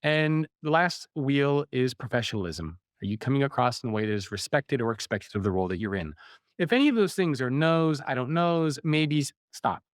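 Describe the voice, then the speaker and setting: A man, an author being interviewed on a podcast, explaining his ideas in a conversational way and playing out quoted voices with lively bursts. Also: medium pitch, normal speed, no room sound, studio quality. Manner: animated, acts out quoted voices.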